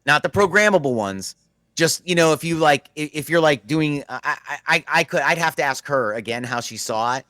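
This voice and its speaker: A man's voice: a little high, lively intonation, moderate pace, pushed and bright, no echo. A middle-aged man hosting a podcast, telling a long story in casual chat, with frequent restarts and laughter. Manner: rambling, restarts often, laughs through the story. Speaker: podcast host.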